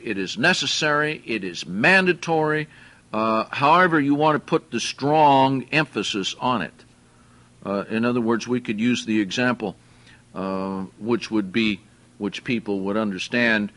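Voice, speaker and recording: A man preaching a sermon, teaching verse by verse in a slow, deliberate way and putting questions to his listeners. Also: medium pitch, pushed and bright. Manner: slow, deliberate, explains Greek words and asks the listeners questions.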